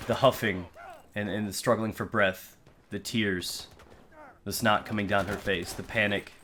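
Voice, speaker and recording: A young man from the United States speaks earnestly to his viewers, telling a personal story in a loose, conversational flow full of fillers and restarts. His voice sits very low yet sounds bright and forceful. A faint hiss of noise runs underneath. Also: fairly even intonation, a little fast. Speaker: YouTube creator.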